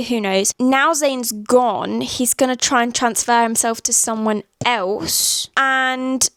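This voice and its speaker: A woman talks straight to camera about the book she is reading, chatty and quick to exclaim. Her voice sits a little high. The sound is dry and close. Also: dry recording. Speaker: book vlogger. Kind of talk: casual reading-reaction vlog. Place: at work on a lunch break.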